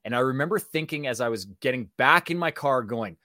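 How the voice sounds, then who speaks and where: A man with a Canadian accent, a guest telling stories in casual talk, animated and acting out voices as he goes. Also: medium pitch, brisk, no room sound, studio quality. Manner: animated, acts out voices in anecdotes. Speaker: guest, actor and speaking coach. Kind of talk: casual storytelling.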